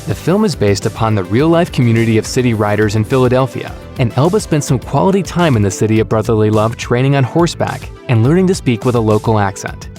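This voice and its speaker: Lively man narrating over soft music. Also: mid-range voice, fast talker, few pauses. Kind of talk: scripted entertainment narration. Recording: voice-over with faint music bed.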